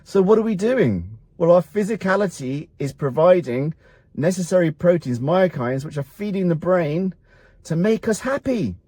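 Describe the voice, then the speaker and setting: A man's voice: high-pitched, lively intonation, moderate pace, warm tone, dry recording. Blunt, motivational man, dry sound. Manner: blunt, motivational, asks and answers his own rhetorical questions. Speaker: doctor at a men's health clinic. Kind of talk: direct-to-camera health talk.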